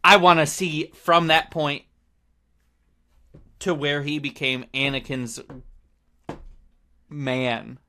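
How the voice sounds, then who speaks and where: A man's voice: on the high side, fairly even intonation, slow pace, long pauses, sharp tone, clear, resonant tone. A man hosting a podcast in casual chat, rambling and often trailing off to restart his thought. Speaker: podcast host.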